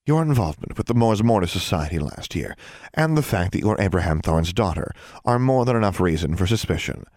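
A man voicing a stern, icy older female witch inquisitor, calm and clipped, in a dry, close recording. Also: sits low, a little fast, no room sound. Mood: warning. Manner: cold, clipped, calmly threatening. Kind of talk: audiobook character reading.

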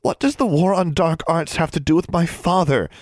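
A man's voice: normal speed, no room sound, studio quality, close to an everyday voice. A man doing a frightened pleading young girl. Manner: high, pleading, urgent.

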